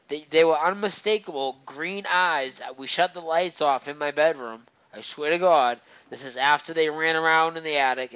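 A man's voice: a little high, bright, forceful tone, smooth. A man telling a personal ghost story in casual chat, rambling, with lots of fillers and restarts. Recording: slightly dull, muffled recording.

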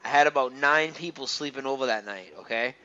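A man's voice: medium pitch, brisk, pushed and bright. A man telling a personal ghost story in casual chat, rambling, with lots of fillers and restarts. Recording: slightly dull, muffled recording.

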